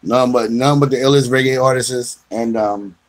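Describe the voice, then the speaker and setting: A man's voice: mid-range voice, fairly even intonation, normal speed. Joking man hosting a radio food show. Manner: loose, joking, talks straight to listeners. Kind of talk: casual internet radio chat.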